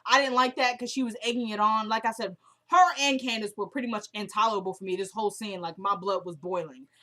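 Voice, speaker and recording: A woman's voice: mid-range voice, fairly even intonation, fast, pushed and bright. A woman recapping a TV episode in casual chat, emphatic and repeating herself as she retells scenes.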